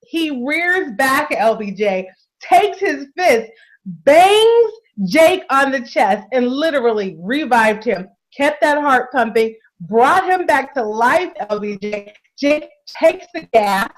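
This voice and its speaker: A woman co-hosting a casual TV recap chat, expressive and quick to laugh. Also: high voice, dry recording, poor audio. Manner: expressive, laughs often, keeps addressing co-host. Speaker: podcast co-host.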